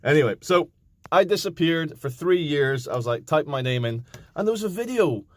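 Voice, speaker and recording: A man in his thirties talking to camera in a casual, animated rant, swearing and mocking other people. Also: on the high side, moderate pace, dry recording. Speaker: vlogger.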